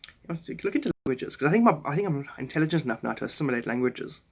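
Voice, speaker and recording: A man's voice: on the high side, lively intonation, very fast, slightly rough. A South African man hosting a casual live stream, greeting people by name as they drop in. He wanders from thought to thought, musing aloud in a loose, rambling way.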